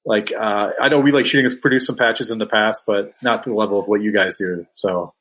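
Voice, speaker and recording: A man's voice: lowish voice, steady tone, brisk, a bit bright. A man guesting on a casual podcast panel, joking and enthusiastic. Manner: jokey, enthusiastic. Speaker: guest co-host of another podcast.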